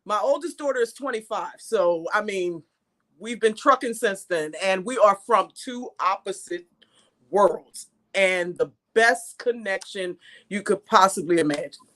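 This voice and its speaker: A middle-aged woman talks as a guest in a casual chat, her voice bright and forward at a medium pitch. She speaks emphatically and often repeats herself for effect. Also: expressive, unhurried.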